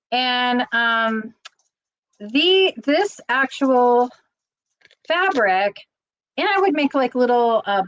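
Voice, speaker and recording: Chatty rambling middle-aged woman, lo-fi. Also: sits high. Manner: chatty and rambling, gets teary. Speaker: channel host. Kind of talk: casual live-stream chat.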